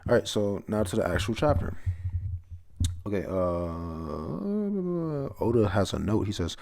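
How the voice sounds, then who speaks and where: Low-voiced man rambling through a comic. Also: big pitch swings, slow pace, gravelly, darkish tone. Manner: rambling, stumbles over words, swears casually. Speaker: manga chapter reviewer. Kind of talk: casual read-through commentary.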